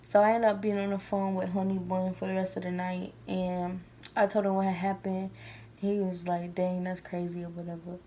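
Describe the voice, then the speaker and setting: A woman's voice: fairly low pitch, monotone, normal speed, dark tone, a little hiss or hum. A woman vlogging at home, telling a personal story in casual chat, rambling with lots of fillers.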